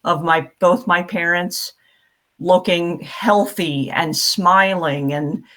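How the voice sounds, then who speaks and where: A woman talking slowly and earnestly as a panelist in a casual group chat. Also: lowish voice, steady tone, fairly bright tone. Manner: slow, reflective and earnest.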